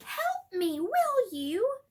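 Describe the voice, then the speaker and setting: A woman's voice: very high voice, lively intonation, unhurried, slight background noise. A woman voicing a panicked teenage boy wizard who talks urgently and breathlessly.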